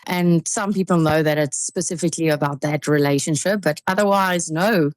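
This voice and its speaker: A woman's voice: low voice, moderate pace, no echo. A young South African woman with a South African accent, a singer chatting as a radio guest, giggly with lots of fillers and restarts. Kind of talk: radio interview. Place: radio studio.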